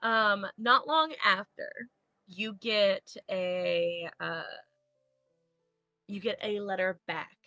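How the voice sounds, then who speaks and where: A woman's voice: mid-range voice, takes it slowly, pushed and bright, no echo, highs cut off, soft background music. A woman game master narrating a tabletop game in a flustered, self-deprecating way.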